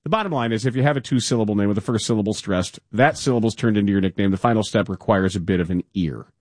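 A man co-hosting a casual sports talk show, reading a column aloud with playful, animated emphasis. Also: fairly low pitch, fast talker, no room sound, clean studio sound. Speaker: radio co-host.

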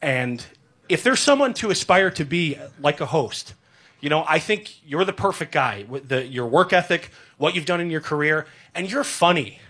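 A man's voice: on the high side, lively intonation, moderate pace, bright, forceful tone. A man in his thirties, a radio sports director, giving a rambling, heartfelt farewell tribute on air with many fillers.

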